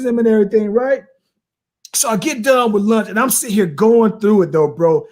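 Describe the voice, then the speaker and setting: A man in his late thirties, co-hosting a podcast and telling a story in an animated, slangy way, often tossing in "bro" and "right?". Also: very high-pitched, normal speed. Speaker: podcast co-host. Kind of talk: casual storytelling chat.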